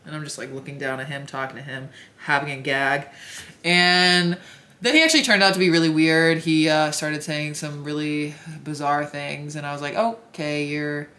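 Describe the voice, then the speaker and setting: Brief: young woman vlogger, low deep voice, chatty storyteller with lively asides. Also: normal speed. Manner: chatty, filler-heavy, animated asides with laughs. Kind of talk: casual storytelling.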